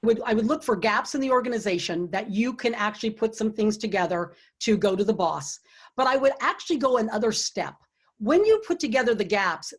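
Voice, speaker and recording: A woman's voice: a little high, breathy edge. A middle-aged woman hosting an online book launch, giving earnest, encouraging leadership advice and telling personal stories. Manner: earnest and encouraging, drops to a hushed tone when retelling quiet moments. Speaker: author and host of a book launch. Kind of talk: online event talk with storytelling. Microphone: computer or webcam mic for an online event.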